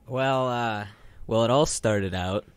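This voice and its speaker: A man's voice: mid-range voice, slow, clean tone, dry recording. A young man co-hosting a college radio show, telling a story in a wry, casual way with repeated words, on a studio microphone.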